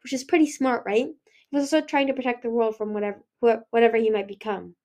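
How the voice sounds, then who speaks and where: A woman's voice: on the high side, steady tone, fast, a little mellow, close to an everyday voice. A woman reading the part of an earnest young female dragon who reads minds, speaking insistently.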